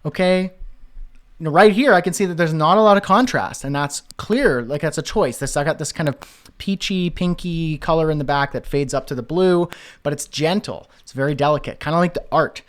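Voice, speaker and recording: A man's voice: a little high, brisk. A man teaching web design, talking casually through a screen-share walkthrough and thinking aloud with fillers and restarts.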